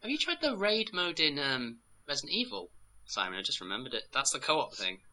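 A woman's voice: a bass voice, big pitch swings, a little fast, pushed and bright. A woman co-hosting a casual gaming podcast, teasing with dry humour. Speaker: podcast co-host.

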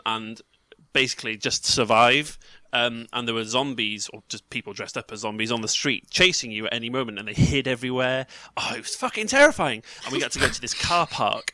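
A man chatting as a podcast host, telling stories excitably with swearing and restarts. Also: mid-range voice, dry recording. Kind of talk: casual chat.

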